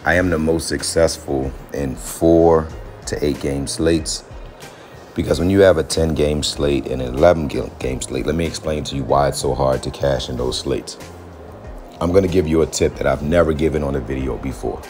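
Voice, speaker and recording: Hoarse, very deep-voiced man. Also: steady tone, normal speed, a little mellow, faint music behind. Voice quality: deep, gruff voice. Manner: chatty, keeps addressing viewers as guys. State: hoarse, lost voice. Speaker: fantasy sports host. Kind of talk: casual fantasy basketball breakdown.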